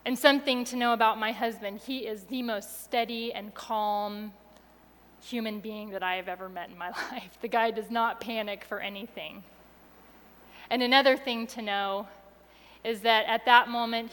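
A woman telling a personal story to an audience with expressive delivery, going soft and quiet at the tense moments. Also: on the high side, in a large hall.

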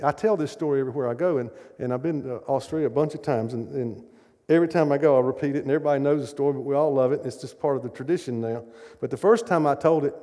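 A middle-aged man preaching a storytelling sermon, animated and acting out the voices of the people in his stories. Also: on the high side. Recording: long hall reverb.

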